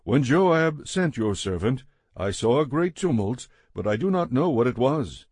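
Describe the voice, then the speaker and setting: A man's voice: medium pitch, sing-song, unhurried, a little mellow, breathy edge, no room sound, studio quality. A man reading as an eager young messenger. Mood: earnest.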